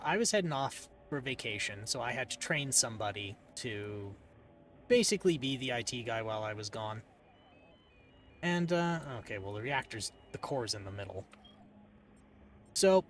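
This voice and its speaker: A man streaming a game and telling a rambling story in a casual, dry, deadpan way. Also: medium pitch, normal speed, long pauses, a little hiss or hum. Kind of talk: casual storytelling while gaming.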